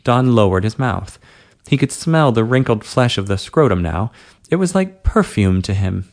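A man reading an adult story aloud at a steady, unhurried pace. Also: on the low side. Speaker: narrator.

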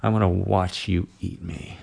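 A man voicing a gruff, commanding adult man in a low, husky whisper. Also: steady tone, measured pace, darkish tone, exaggerated voice. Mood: hushed commanding.

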